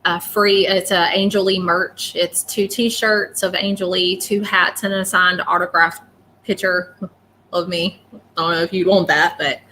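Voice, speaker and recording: A woman's voice: on the low side, fairly even intonation, a little slow, sharp tone, slight background noise. A woman talking casually and emotionally on a live stream, apologetic and rambling as a psychic reader.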